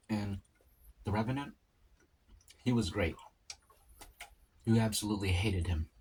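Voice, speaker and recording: A man in a casual solo eating vlog, rambling and musing aloud with pauses as he chats about movies. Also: fairly low pitch, a little mellow, slight background noise. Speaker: mukbang vlogger. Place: home, at a table eating.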